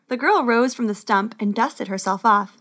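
A woman narrating a children's storybook in a lively, expressive reading. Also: fairly high pitch, normal speed.

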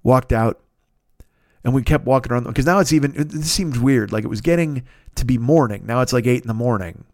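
A man spinning a casual story as a podcast host. He swears freely and keeps an animated, chatty delivery. His voice sits in a middle register, recorded dry and close. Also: mid-range voice, brisk, no room sound.

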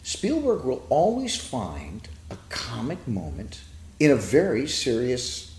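A man's voice: medium pitch, wildly swooping pitch, slow pace, a little mellow, slight background noise. An older man, a TV writer, chatting as an interview guest, telling long rambling stories and acting out quotes. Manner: rambling storyteller who acts out quotes. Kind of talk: casual interview chat. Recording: echoey room.

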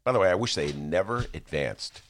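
A man's voice: deep voice, a little fast, a little hiss or hum. A man hosting a radio talk show, bantering and joking, slipping into impressions. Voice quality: animated, jokey, slips into impressions. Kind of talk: casual on-air banter.

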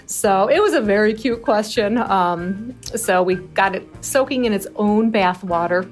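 A woman who works a turkey advice hotline, telling a caller story in an amused, lively way. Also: mid-range voice, moderate pace, few pauses, soft background music. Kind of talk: anecdote in an interview.

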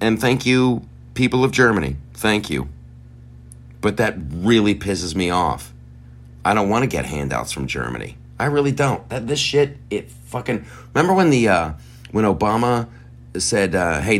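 A low-voiced man rants on a podcast, swearing freely and dripping with sarcasm. His pitch swings widely as he jabs through his complaints. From United States. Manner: profane, heated, sarcastic ranting. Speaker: podcast host. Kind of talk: ranting podcast monologue.

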